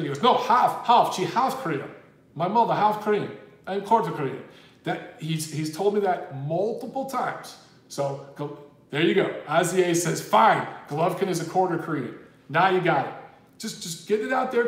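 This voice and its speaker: A man's voice: a little high, roomy sound. A man hosting a casual livestream, chatty and rambling as he reads viewer messages aloud. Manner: chatty, rambling, says dude a lot. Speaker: boxing livestream host. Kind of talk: casual livestream chat reading super chats.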